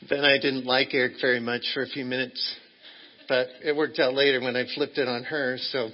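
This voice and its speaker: A man's voice: mid-range voice, little pitch movement, fairly quick, lo-fi sound. A man preaching a folksy sermon. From Texas. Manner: friendly, joking, loose and rambling. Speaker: guest preacher. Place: church.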